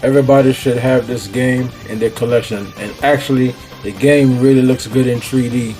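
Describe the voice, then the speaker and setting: A man's voice: mid-range voice, steady tone, normal speed, dark tone, faint music behind. A man with a Jamaican accent, chatting casually as host of his own gaming vlog in a laid-back, slangy way. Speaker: gaming YouTuber.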